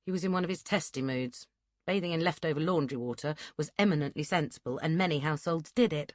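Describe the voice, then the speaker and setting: A woman narrating a historical romance audiobook in a steady, measured storytelling manner. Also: low voice, dry recording, clean studio sound. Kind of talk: scripted narration.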